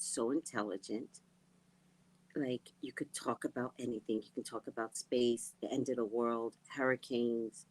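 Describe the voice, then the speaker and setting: A woman host chatting casually with viewers, giggly and drifting between soft murmurs and loud outbursts. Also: extremely low pitch, steady tone, measured pace, a little hiss or hum, low-quality recording. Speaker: livestream host.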